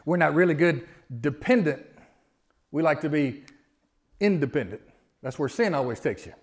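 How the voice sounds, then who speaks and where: A middle-aged man preaching a sermon in a church, conversational, moving between loud emphasis and quiet asides. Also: fairly high pitch, animated, moderate pace. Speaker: pastor. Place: church sanctuary.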